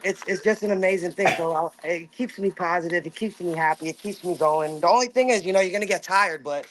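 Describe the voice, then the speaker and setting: A man's voice: sits high, quick pace, poor audio. A man who owns a deli, talking earnestly and upbeat about his family business while serving customers. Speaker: deli owner. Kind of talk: casual chat while serving.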